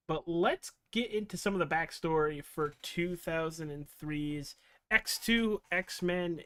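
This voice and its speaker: Guy hosting a nerd podcast, bright clean voice, kinda high, goofy and chatty. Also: clear, resonant tone, no echo. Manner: joking, loose, swears, many fillers. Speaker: podcast host. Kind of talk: casual podcast chat. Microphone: podcast mic over video call.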